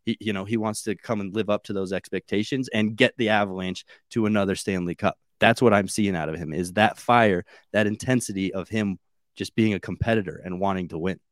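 A man with an American accent co-hosting a sports podcast, giving steady, confident analysis in casual chat. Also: lowish voice, fairly quick, dry recording, clean studio sound. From United States.

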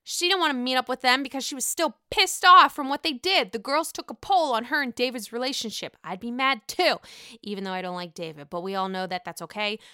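A woman giving a casual, profane reality show recap, chatty and excitable, calling the viewer honey. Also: fairly high pitch, a little fast, smooth, dry recording, studio quality. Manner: excitable outbursts.

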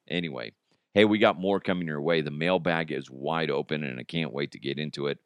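A man's voice: a bass voice, smooth, dry recording, clean studio sound. A man hosting a podcast in a casual, jokey, rambling way, his voice strained and worn. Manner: jokey, rambling, quick to laugh. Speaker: podcast host.

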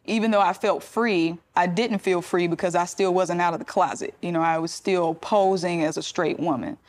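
A woman's voice: on the low side, normal speed. A woman speaking candidly and reflectively about her own life in an interview. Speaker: comedian interviewed. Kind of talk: personal testimony interview.

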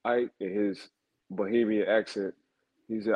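On a football talk show, this male co-host speaks briskly in a lowish voice, and the recording sounds muffled. He's an analyst who chats casually, spinning stories and stressing names by repeating them.

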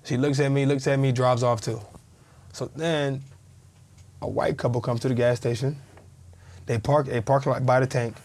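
A man's voice: mid-range voice, moderate pace, long pauses. A man in his thirties, a former pro football player, telling a story in a casual interview and acting out the people in it. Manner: animated storyteller, acts out quoted voices.

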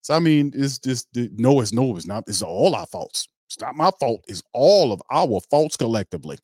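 A man's voice: mid-range voice, lively intonation, a little fast, mellow, no echo, studio quality. A man hosting a sports fan livestream, ranting bluntly and mockingly with slang and cursing. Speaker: fan show host. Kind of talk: heated fan commentary on a livestream.

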